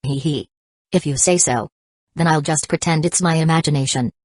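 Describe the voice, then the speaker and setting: A woman voicing a playful, teasing teenage girl with a weak heart, soft and a little breathless. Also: low-pitched, moderate pace, no echo, clean studio sound.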